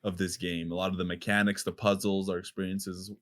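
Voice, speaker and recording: A man's voice: deep voice, level tone, brisk. A man hosting a gaming podcast in casual chat, steering the talk with questions.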